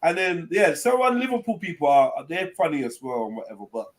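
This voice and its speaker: A man's voice: on the high side, sing-song, a little fast. Laid-back slangy man from London. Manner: laid-back, slangy, swears freely, rambling. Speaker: host of a live panel stream. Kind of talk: casual chat.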